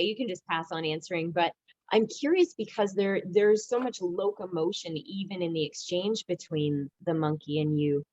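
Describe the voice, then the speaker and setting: A woman leading a yoga workshop, calm and gently humorous. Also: mid-range voice, no echo, highs cut off. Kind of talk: guided group workshop.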